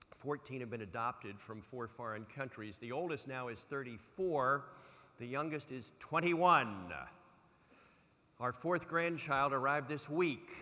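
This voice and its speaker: An older man delivers a motivational keynote in a large lecture hall, his bright, forceful voice carrying a long reverb tail. He tells stories with animated swings from quiet asides to loud punchlines. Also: medium pitch. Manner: animated storyteller who acts out quoted lines with big swings in loudness. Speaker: motivational speaker. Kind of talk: keynote speech with anecdotes.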